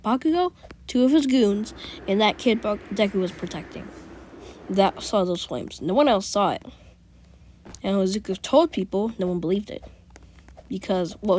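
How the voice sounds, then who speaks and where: A woman's voice: mid-range voice, a little mellow. A woman casually telling a made-up fan story, rambling with restarts and whispered asides.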